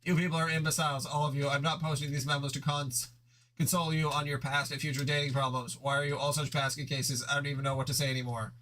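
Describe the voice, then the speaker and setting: A man's voice: on the high side, little pitch movement, fast, bright, forceful tone, slight background noise. A man playing an irritable young male troll leader, ranting and swearing in a fan audio reading of a chat log. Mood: fed up. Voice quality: profane, ranting.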